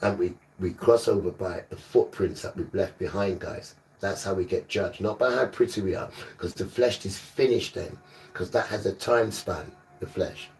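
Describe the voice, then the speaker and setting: Gravelly, low-voiced emphatic preacher man. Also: normal speed, a little mellow, distant mic. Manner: emphatic, repetitive, scolding. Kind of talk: livestreamed sermon.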